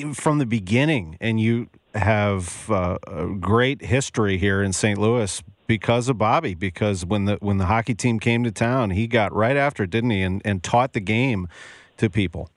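Low-voiced male interviewer, dry sound. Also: normal speed, dry recording. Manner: leading, conversational prompts. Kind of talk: interview questions.

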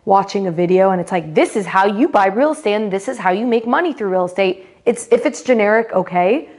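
A woman in relaxed podcast chat with a mid-pitched voice. She speaks frankly and teases her co-host. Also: brisk. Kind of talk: casual chat.

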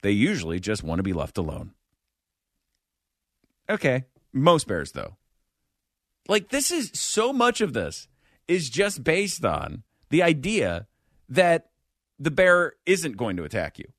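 A man hosts a comedic podcast chat with sardonic, animated delivery. His voice is bright and sits a little high, and his pitch swings widely. The sound is dry and close. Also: unhurried, pauses often, no room sound. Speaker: podcast host.

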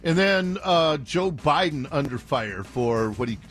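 A man's voice: medium pitch, animated, a little slow, fairly bright tone, faint music behind. A man hosting a political commentary show, talking through clips with sarcastic, mocking asides. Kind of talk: opinionated news commentary.

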